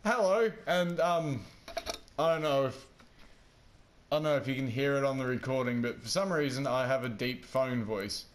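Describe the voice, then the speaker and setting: A man's voice: medium pitch, moderate pace, slight background noise. A man telling a rambling, self-deprecating story in casual chat while he plays a game. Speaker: gaming vlogger.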